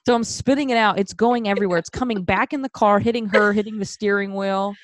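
A woman in her twenties telling a crude, animated story in casual chat, laughing and acting out what others said. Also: mid-range voice, fast talker.

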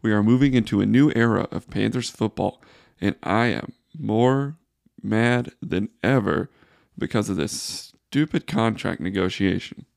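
A man's voice: lowish voice, a little slow, gravelly, a little mellow, no echo, studio quality. A man hosting a solo sports podcast, ranting in exasperated frustration. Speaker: podcast host.

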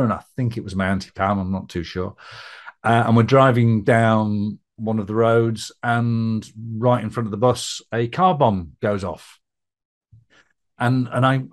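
A middle-aged man with a Middle English accent and a northern twang, a podcast guest telling his life story in a chatty, rambling way, often laughing, with many fillers. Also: mid-range voice. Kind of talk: personal storytelling interview.

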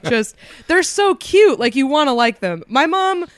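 A woman's voice: high-pitched, very animated, unhurried, no echo. A woman co-hosting a comedy podcast in casual chat. She laughs often and teases the others. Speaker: podcast co-host.

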